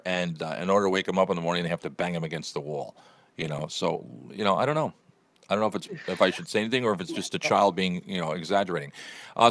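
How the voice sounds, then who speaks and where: Morning radio host, man, rapid rambling chatter, lowish voice, dry studio sound. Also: a bit bright, no room sound. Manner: fast, rambling storytelling with restarts. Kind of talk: casual morning show chat.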